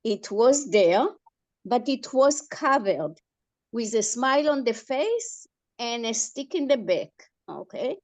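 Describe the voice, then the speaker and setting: Slow, earnest older woman. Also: fairly high pitch, sing-song, a little mellow, no room sound. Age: 70s. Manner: earnest, emphatic, halting restarts. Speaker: discussion participant. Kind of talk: impassioned group discussion.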